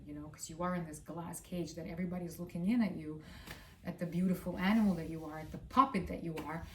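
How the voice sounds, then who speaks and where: A woman's voice: fairly low pitch, fairly even intonation, quick pace, mellow, slight background noise. A woman with a Russian accent giving a casual astrology reading, rambling with fillers and blunt swearing. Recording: roomy sound, distant from mic.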